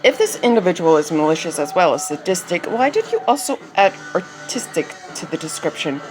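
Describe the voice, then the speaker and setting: A woman's voice: fairly low pitch, very animated, brisk, music in the background. A woman voicing a polite, determined woman detective who questions steadily. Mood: polite, probing.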